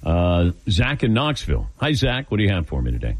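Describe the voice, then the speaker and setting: Male radio host, relaxed teasing banter, lowish voice with lots of movement. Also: brisk, rough recording. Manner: easygoing, teasing, laughs often. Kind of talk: casual talk radio chat.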